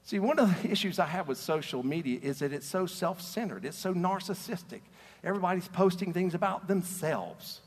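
A man's voice: high voice, sing-song, brisk, breathy edge. A man preaching a conversational sermon as pastor, earnest and storytelling, often repeating words as he starts a sentence. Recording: long reverb of a large hall.

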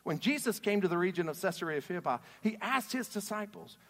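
A man preaching a sermon in an animated, emphatic way, putting questions to his audience. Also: high-pitched, fairly quick, few pauses. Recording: reverberant hall.

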